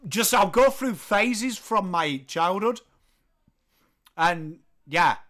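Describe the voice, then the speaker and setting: A man with a Northern English accent hosting a live football watchalong, calling the play and chatting with viewers, swearing casually and shouting at big moments. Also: high-pitched, lively intonation, slow pace. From England. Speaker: livestream host.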